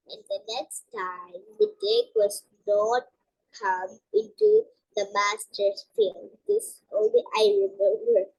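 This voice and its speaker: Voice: medium pitch, very animated, slow, breathy edge, rough recording. A young student answering questions in a lesson, hesitant and brief.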